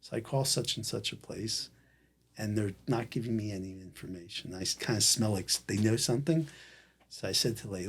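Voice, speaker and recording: Husky, low-pitched man as a talk-show guest, lively storyteller who voices everyone in his tale. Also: fairly quick. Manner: animated storyteller acting out quoted dialogue. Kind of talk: casual storytelling.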